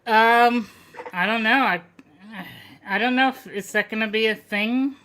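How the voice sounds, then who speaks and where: A man's voice: sits high, measured pace, pushed and bright, smooth. A man co-hosting a podcast, chatting casually and hesitantly with many fillers. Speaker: podcast co-host. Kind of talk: casual live-stream chat.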